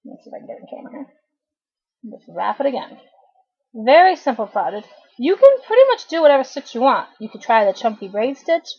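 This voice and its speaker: A woman in her thirties giving a casual, chatty knitting tutorial to her webcam at home, often clearing her throat. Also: a little high, darkish tone. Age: 30s. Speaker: craft tutorial host. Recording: dull lo-fi webcam audio.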